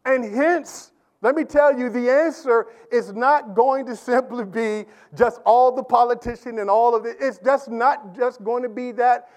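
A pastor preaching a Sunday sermon to his congregation, building from a quiet discussion into emphatic, repetitive calls and questions to the room. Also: extremely high pitch, unhurried.

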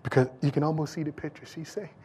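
A man's voice: fairly high pitch, fairly even intonation, fast, dark tone, breathy edge. A man preaching a sermon in church, with an impassioned, repetitive cadence, talking directly to the congregation. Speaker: pastor.

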